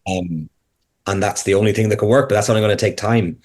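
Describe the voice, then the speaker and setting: A man's voice: fairly low pitch, quick pace, a little mellow. A man speaking as a podcast guest, explaining casually while thinking aloud, with frequent restarts and fillers.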